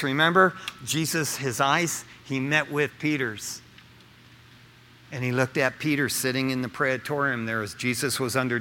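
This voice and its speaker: Male pastor, casual slangy sermon, bright tense voice, long hall reverb. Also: a little high. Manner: casual slangy preaching, acts out characters. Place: church sanctuary.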